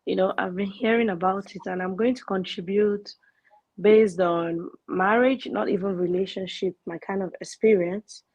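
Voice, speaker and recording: A woman calling in to share a personal story, speaking softly and hesitantly over a faint, breaking line. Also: mid-range voice, fairly even intonation, normal speed, poor audio. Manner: hesitant, soft-spoken. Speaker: caller. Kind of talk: sharing a personal story on a call-in show. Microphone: remote call line. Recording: faint, breaking call audio.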